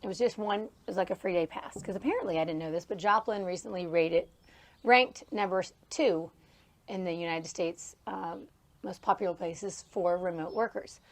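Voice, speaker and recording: Recorded on a farm beside a horse trailer, this thirty-something woman chats her way through a casual podcast on her own, laughing often and drifting into rambling asides as she tells stories. She speaks at a normal speed in a fairly low pitch.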